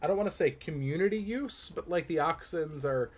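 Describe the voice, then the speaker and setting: A man's voice: fairly high pitch, animated, a little fast. A man narrating a tabletop game as game master, rambling descriptions with frequent restarts. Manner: meandering, many fillers and restarts.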